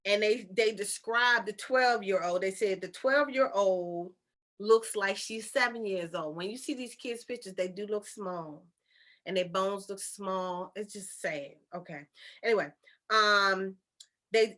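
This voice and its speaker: A woman's voice: mid-range voice, animated, a little slow, fairly bright tone. A woman retelling a story in a casual monologue, chatty and incredulous, with rhetorical questions and informal speech. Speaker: channeler and storyteller.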